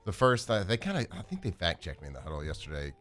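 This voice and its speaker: A man co-hosting a sports talk radio show, reading off trivia with playful, animated delivery. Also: deep voice, fast talker, faint music behind. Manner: reads trivia list with playful old-timey voice bits. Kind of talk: casual sports radio banter.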